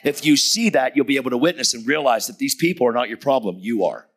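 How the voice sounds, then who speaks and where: A man's voice: mid-range voice, fast. A man in his fifties preaching as a guest speaker, telling a personal story with emphasis and acting out the dialogue. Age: 50s. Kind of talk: sermon told as a personal story.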